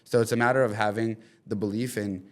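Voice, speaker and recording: Young guy on a podcast, lowish voice, rambly animated storytelling, lots of likes and ums. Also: quick pace. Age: 20s. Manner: animated storytelling with many fillers. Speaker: podcast guest. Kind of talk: casual chat. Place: studio in the city.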